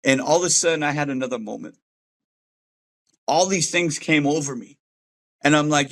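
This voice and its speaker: A man's voice: on the high side, moderate pace, long pauses, a bit bright. A man giving an earnest, heartfelt personal faith testimony about leaving gang life, speaking casually with street slang. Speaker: former gang member sharing a faith testimony.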